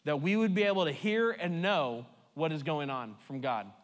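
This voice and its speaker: Conversational pastor in a reverberant hall. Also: male voice, a little high, normal speed. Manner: conversational, emphatic, with playful repetition. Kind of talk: sermon. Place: church sanctuary.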